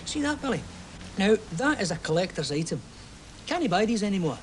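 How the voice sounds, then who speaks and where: A man's voice: high-pitched, sing-song, fairly quick, slight background noise. A man playing a chatty Glasgow football fan. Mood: warm storytelling. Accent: Glaswegian Scottish. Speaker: football fan telling a story. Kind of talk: stage play acting.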